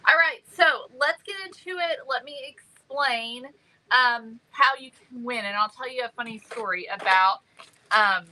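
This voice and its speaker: A woman hosts a craft livestream, bubbly and chatty, greeting viewers by name and saying "um" a lot. Her voice is fairly high and sharp, and the recording is rough.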